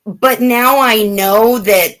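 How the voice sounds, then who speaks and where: A woman telling personal stories in a relaxed chat, with many fillers and restarts. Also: fairly high pitch, takes it slowly. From California, USA. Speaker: guest. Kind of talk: casual storytelling chat.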